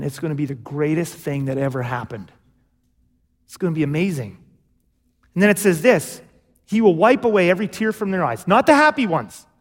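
A man preaching a sermon as pastor, in an animated, conversational way with acted asides. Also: high-pitched, in a large hall. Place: church sanctuary.

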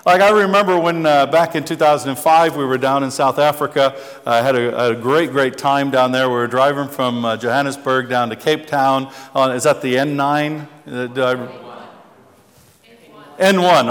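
A male pastor giving a chatty, humorous sermon, telling stories about himself with frequent restarts. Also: fairly high pitch. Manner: chatty, self-deprecating storyteller with many restarts. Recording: long hall reverb.

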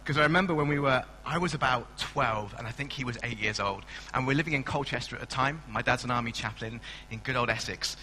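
A man's voice: medium pitch, quick pace, hardly any pauses, bright, forceful tone, slight background noise. A man preaching a sermon in a church hall on a stand mic, chatty and self-mocking as he tells stories. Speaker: pastor.

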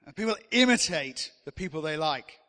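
A man's voice: fairly high pitch, expressive, normal speed, bright, forceful tone, big-room sound. A man preaching a sermon in a chatty, joking way, teasing the congregation.

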